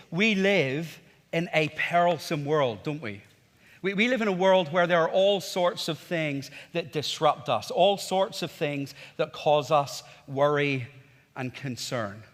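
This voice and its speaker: A man in his forties with a Northern Irish accent, preaching a sermon in a conversational storytelling way, with rhetorical questions. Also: a little high. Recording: reverberant church hall.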